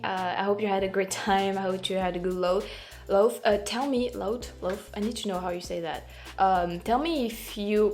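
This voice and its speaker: A woman's voice: mid-range voice, a little mellow. A woman with a French accent, a native French speaker, hosting a casual reaction chat and often stopping to correct herself. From France. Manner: halting, self-correcting, laughs at herself. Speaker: YouTube host.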